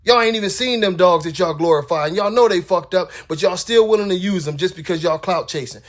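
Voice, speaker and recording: Man ranting live on stream, high-pitched, blunt, profane, repeats himself. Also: brisk. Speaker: dog breeder ranting on a livestream. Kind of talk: heated livestream rant.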